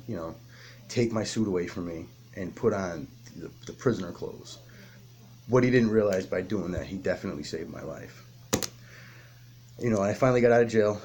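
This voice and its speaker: A man with a low, deep voice tells his recovery story plainly and bluntly. He swears freely and stumbles into restarts, and a faint hum of room noise sits behind him. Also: darkish tone. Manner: raw, blunt, heavy swearing, halting restarts. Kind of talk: candid personal recovery story.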